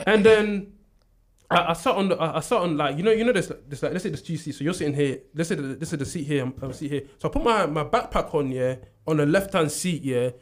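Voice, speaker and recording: A young man tells a story at a quick clip, and his voice sits a touch higher than most men's. He is animated, jumps into the voices of the people in his tale and laughs through the telling. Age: young adult. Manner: animated storyteller who acts out quotes and laughs often. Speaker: university student. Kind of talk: casual storytelling chat.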